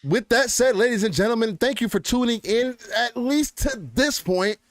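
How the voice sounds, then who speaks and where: A man in his twenties co-hosting a casual gaming podcast, joking and animated. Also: very high-pitched, moderate pace, dry recording. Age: 20s. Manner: animated, joking, drifts into announcer voice. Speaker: podcast co-host.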